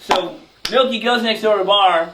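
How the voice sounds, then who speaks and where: A man's voice: sits high, normal speed. A man telling a rowdy, profane story, laughing as he acts out the people in it. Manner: profane, laughing, animated retelling. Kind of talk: casual storytelling. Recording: roomy, distant mic with faint noise.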